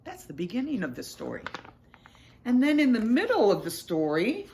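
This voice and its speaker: A woman teacher reading a picture book aloud to children and explaining the story in an expressive, patient way. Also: a little high, moderate pace, a little hiss or hum.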